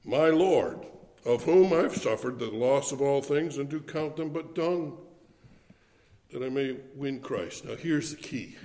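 A man preaching a sermon, emphatic and building to fervent shouts. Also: medium pitch, measured pace, reverberant, big-room sound.

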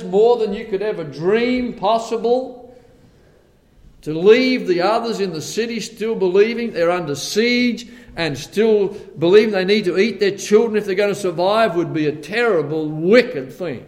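A man preaching a sermon, retelling a Bible story with lively storytelling and acting out the characters' lines. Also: high-pitched, unhurried. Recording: long reverb of a large hall.

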